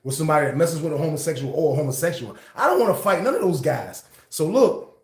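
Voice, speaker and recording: A man's voice: a little high, animated, fast talker, roomy sound. A man hosting a casual storytime livestream, retelling events in loose, slangy talk.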